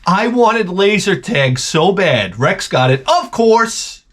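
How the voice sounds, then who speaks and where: A man's voice: high-pitched, sing-song, slow pace, fairly bright tone. A middle-aged man hosting a crude comedy vlog, opening packages and rambling with lots of swearing, jumping into mock voices to tell stories. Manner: profane, rambling, slips into mock voices for jokes.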